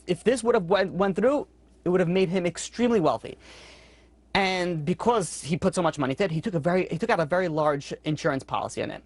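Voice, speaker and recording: A man who teaches a weekly Torah class, telling stories in a quick, conversational way and jumping up in pitch when he voices characters. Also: no echo. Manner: quick, conversational, acts out characters with sudden high-pitched outbursts.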